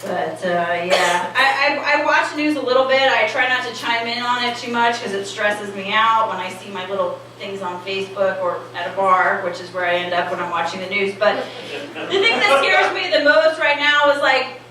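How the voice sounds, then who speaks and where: A woman's voice: medium pitch, moderate pace, pushed and bright. A woman in her late thirties performing a stand-up comedy set, wry and conversational, with lots of "like"s. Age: late 30s. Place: comedy club stage. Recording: echoey club from far off, noisy.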